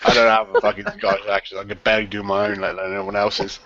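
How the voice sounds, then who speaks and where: A man with a lowish voice swears and jokes crudely in a casual live-stream chat. The sound is a muffled, lo-fi voice call, and other voices chatter over it. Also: monotone, racing. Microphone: online voice chat.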